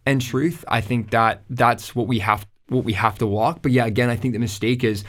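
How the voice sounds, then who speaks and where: A man's voice: medium pitch, steady tone, brisk, few pauses, a bit bright. Pastor guy talking it through, lots of "like", restarts, easygoing. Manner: thoughtful, frequent "like" and restarts. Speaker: young adult pastor. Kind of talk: conversational faith discussion.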